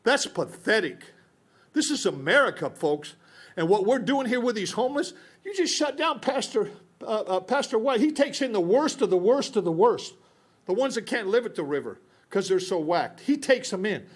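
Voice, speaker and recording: A man giving an angry, rambling public comment at a county board meeting, pausing to catch his breath. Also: high-pitched, lively intonation, slightly rough. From Newberry Springs, California.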